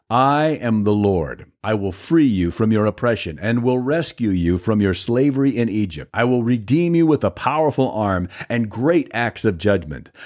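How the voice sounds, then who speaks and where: A man reading scripture aloud and giving the words of God slowly and solemnly, with measured declarations. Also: medium pitch, darkish tone, close to an everyday voice. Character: solemn all-powerful male deity.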